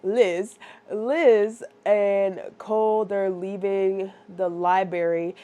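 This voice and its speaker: A woman's voice: mid-range voice, very slow. A woman giving a casual, rambling book review, talking animatedly and constantly checking in with her listeners. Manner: animated, rambling, lots of "like" and "right?".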